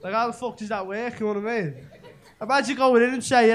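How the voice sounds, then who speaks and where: Speaking quickly in an extremely high-pitched, steady voice, a young Merseyside comic works through a rambling stand-up set thick with local slang and a Scouse accent. It's recorded live in a comedy club, with the audience laughing in the background.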